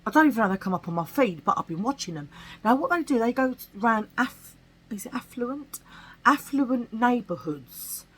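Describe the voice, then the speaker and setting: Chatty husky woman vlogger. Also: on the high side, a little fast, rough recording. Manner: chatty and animated, with slangy asides. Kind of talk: casual chat.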